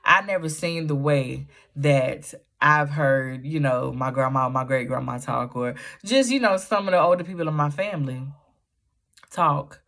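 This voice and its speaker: A woman from the US South talks casually to her vlog audience about books. Her voice sits low, and her storytelling is lively and full of Southern Black vernacular. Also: unhurried, gravelly. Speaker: book vlogger.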